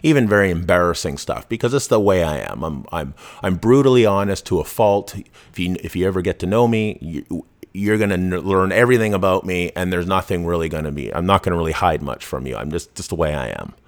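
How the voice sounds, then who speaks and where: A man talks through a casual podcast monologue, his voice sitting fairly low. He is blunt and profane and often restarts his sentences. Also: expressive, a little fast. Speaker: podcast host.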